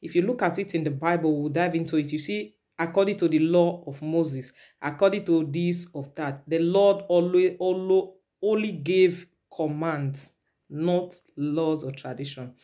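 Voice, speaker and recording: A woman's voice: low voice, moderate pace, mellow. Nigerian lady preaching at the camera, keeps repeating herself, drops into pidgin. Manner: lecturing, repetitive, slips into Pidgin. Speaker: vlogger. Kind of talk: preachy commentary vlog.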